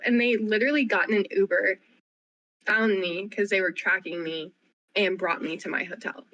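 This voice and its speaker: A young woman co-hosting a casual radio chat, telling a story in an animated, rapid way full of "like". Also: mid-range voice, highs cut off. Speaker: co-host. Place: radio studio.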